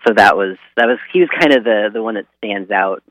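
A man's voice: lowish voice, a little fast, no room sound, poor audio. A man from California, a guest on a radio show, talks casually with frequent ums and short laughs. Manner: relaxed, hesitant, many ums and laughs. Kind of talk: casual interview conversation.

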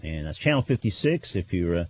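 A man's voice: low-pitched, very animated, a little fast. A man hosting a college radio talk show, announcing with frequent hesitations and fillers. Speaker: radio host.

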